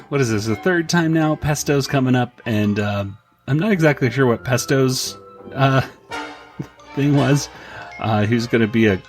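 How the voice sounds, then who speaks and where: Medium in pitch, a man co-hosting a podcast gives a casual comic recap packed with fillers, performing the characters' lines in raised voices.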